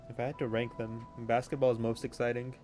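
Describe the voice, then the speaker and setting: A man's voice: medium pitch, flat delivery, fast, darkish tone, faint music behind. A young man streaming a game, chatting casually with viewers in a joking, offhand way and laughing often. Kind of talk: casual chat reading viewer messages.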